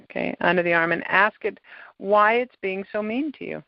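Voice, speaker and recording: A woman hosting a podcast, calmly guiding a client through a tapping session step by step. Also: mid-range voice, moderate pace, creaky, no room sound. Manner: calm, coaching, gives step-by-step prompts. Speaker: tapping practitioner and podcast host. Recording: dull, lo-fi sound.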